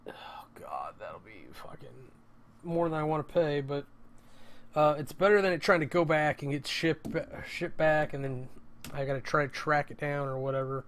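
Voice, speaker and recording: A man's voice: on the high side, a bit bright. A man rambling casually at home in a vlog, interrupting himself and swearing often. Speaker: vlogger.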